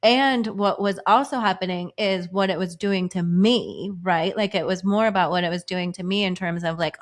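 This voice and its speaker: A woman's voice: lowish voice, moderate pace, hardly any pauses. A woman co-hosting a podcast, chatting casually with lots of "like" fillers and acting out her own past thoughts. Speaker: podcast co-host.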